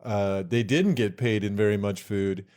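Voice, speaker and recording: A man's voice: fairly low pitch, moderate pace, darkish tone. A man co-hosting a comedy podcast, chatting casually and making dry, profane asides. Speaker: podcast co-host.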